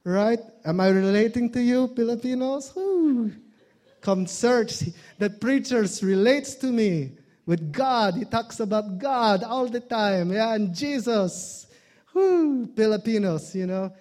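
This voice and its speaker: A man's voice: high voice, a little slow, darkish tone. A man preaching a sermon as a guest pastor, in a loose, joking style full of fillers and restarts.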